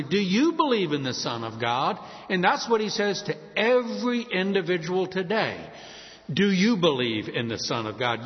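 A man preaching a sermon, emphatic and expressive, repeating rhetorical questions to his listeners. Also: high-pitched. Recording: dull lo-fi sound with long hall reverb.

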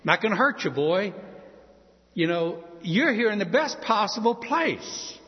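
Man doing a kindly old king, reassuring, generous, high lively voice, dull echoing hall. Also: a little slow. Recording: dull audio in a reverberant hall.

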